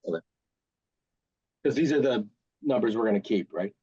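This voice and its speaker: A man with a low voice and an animated, swooping delivery plays his character at a tabletop game. The audio is dull and lo-fi, as from a modest mic. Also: moderate pace, husky, no room sound. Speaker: player.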